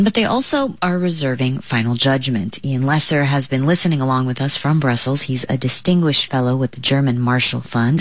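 A radio news host introducing a guest and asking questions calmly. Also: medium pitch, no room sound. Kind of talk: live interview.

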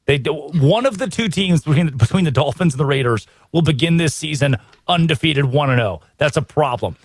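An American man hosting a sports talk show, energetic and opinionated, full of rhetorical questions. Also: a little high, fairly quick, husky, no echo. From United States. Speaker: radio sports host.

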